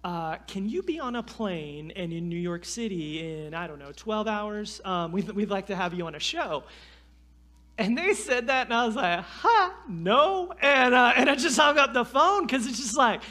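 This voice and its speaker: A man, telling a story in a sermon in an animated, self-deprecating way. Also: high voice, normal speed. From North Carolina. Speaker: guest preacher.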